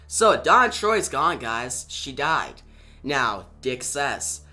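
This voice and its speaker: A man's voice: medium pitch, very animated, slow, sharp tone, soft background music. A man reviewing a comic book, retelling the story in a casual way with chatty asides.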